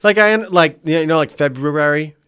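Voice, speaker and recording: A man's voice: medium pitch, very animated, fast, fairly bright tone. A young man co-hosting a casual podcast, his voice rising and falling a lot as he jokes around. He swears freely and keeps the banter loose and playful. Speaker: podcast co-host. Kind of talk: casual chat.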